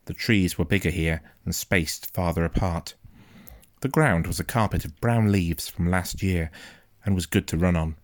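A man narrating a first-person story in a quiet, measured, suspenseful way. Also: low voice, dry recording, clean studio sound. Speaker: audiobook narrator.

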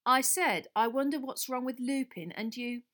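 A woman's voice: high-pitched, moderate pace, a bit bright, pitched above the performer's own voice. A woman reading an audiobook, voicing an irritable, resentful teenage boy who snaps and grumbles. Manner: snappish, grumbling. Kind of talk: audiobook character voice.

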